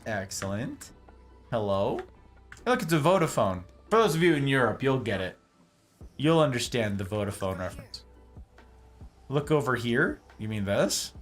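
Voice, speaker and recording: A playful young male streamer jokes his way through a game with theatrical flair. His bright, lively voice swoops up and down at an unhurried pace, with faint game music underneath. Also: medium pitch. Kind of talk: casual gameplay commentary.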